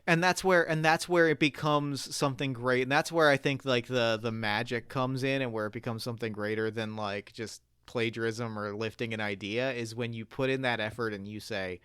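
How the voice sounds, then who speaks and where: A man chatting as a guest on a podcast, animated and rambling with frequent restarts. His voice is smooth and clear, recorded dry and close in a studio. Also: mid-range voice, normal speed, few pauses, dry recording. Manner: animated, lots of filler words and restarts. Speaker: guest author. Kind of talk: casual podcast chat.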